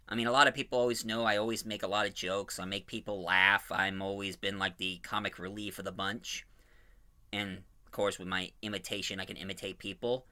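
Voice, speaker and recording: A man's voice: lowish voice, pushed and bright. A man hosting his own fan audio drama channel, chatting casually and enthusiastically about casting, rambling and correcting himself as he goes. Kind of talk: casual preview talk.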